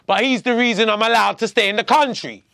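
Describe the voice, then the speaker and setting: Male podcast guest, casual profane storyteller, acts out the dialogue, high gravelly voice. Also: fast, sharp tone, no room sound, clean studio sound.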